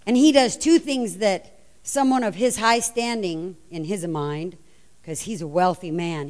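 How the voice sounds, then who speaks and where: A middle-aged woman preaches a sermon with a fairly high voice. She tells the story in a lively way and acts out the voices of the people in it.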